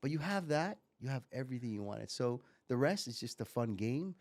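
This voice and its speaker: A man in his forties from Miami, a guest entrepreneur telling lively stories and often repeating words. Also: mid-range voice, a little fast. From Miami, USA. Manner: animated storyteller, repeats words as he goes. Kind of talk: casual interview talk.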